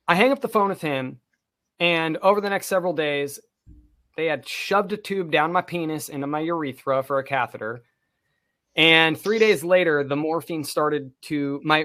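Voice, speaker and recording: A podcast co-host, a man whose voice sits a little higher than most. He tells a personal story casually, with plenty of swearing and colorful detail. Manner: profane, vivid, animated storytelling.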